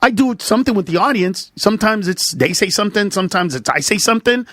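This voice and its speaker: Animated high-voiced man telling stories. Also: fast, dry recording, studio quality. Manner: animated storyteller, acts out voices and shouts. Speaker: stand-up comedian guest. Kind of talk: casual podcast conversation.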